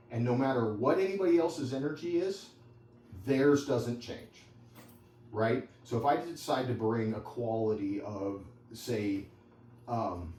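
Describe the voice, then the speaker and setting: This man trains dogs and speaks in a warm, mid-range voice as he teaches a handful of people. He wanders through the lesson casually, dropping in stories and side comments. It's recorded from afar in an echoey space with a little noise behind him.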